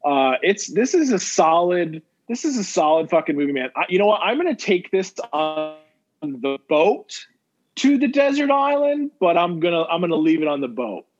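A man's voice: a little high, expressive, normal speed. A man co-hosting a podcast in casual chat, swearing often, repeating himself and laughing. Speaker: podcast co-host. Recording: muffled lo-fi audio.

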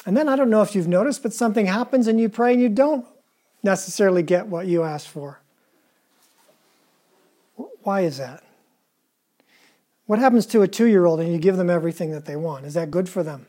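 Mellow-voiced conversational preacher. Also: medium pitch, brisk, long pauses. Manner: asks the listeners questions and retells scripture in a casual, everyday voice. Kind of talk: conversational sermon.

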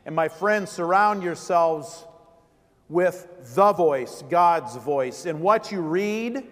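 High-voiced vicar preaching in a reverberant church. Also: male voice, animated, slow pace. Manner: emphatic, repeated rhetorical questions. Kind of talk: sermon.

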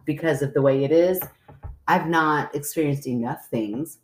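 A woman's voice: low-pitched, normal speed, darkish tone. A woman co-hosting a casual podcast chat, joking and skeptical, often trailing off into fillers. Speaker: podcast co-host.

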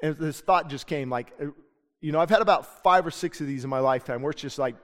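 Long church-hall reverb surrounds a middle-aged pastor giving a sermon in the sanctuary. His voice is a little high, fast and fairly bright, and he speaks earnestly and conversationally about experiences from his own life.

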